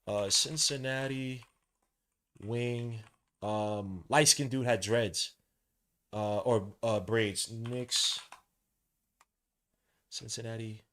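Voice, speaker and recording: A man calling a game live for his podcast audience, his voice sitting at an ordinary middle pitch. He talks in loose slang, as if to a friend, and keeps jumping from low, muttered play-by-play to sudden loud bursts of excitement. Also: drawn-out words, long pauses. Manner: swings from quiet play-by-play to loud excited outbursts. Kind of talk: live watch-along play-by-play.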